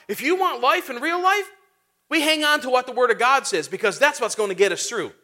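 A pastor's sermon comes from a man with a high, bright voice that rings out clearly. He sounds animated and talks a little fast, keeping it conversational with rhetorical questions and casual asides between points.

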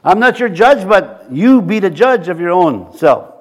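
Guy preaching, kinda high voice, keeps restarting his sentences. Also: big pitch swings. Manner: halting, repeats words, acts out quotes. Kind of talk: sermon.

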